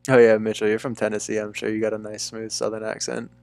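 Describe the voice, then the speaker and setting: A man's voice: on the low side, completely flat delivery, quick pace, creaky, a little mellow, no echo. A young man from Bermuda with a mixed, faintly English-tinged neutral accent, chatting casually and rambling on a live stream, swearing freely.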